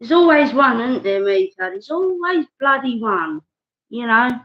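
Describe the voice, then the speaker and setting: A woman's voice: high voice, big pitch swings, unhurried. Woman doing a blunt livestream rant, chatty, bit muffled lo-fi sound. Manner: blunt, chatty, drops into mutters. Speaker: livestream host. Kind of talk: ranting live stream. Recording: dull lo-fi sound.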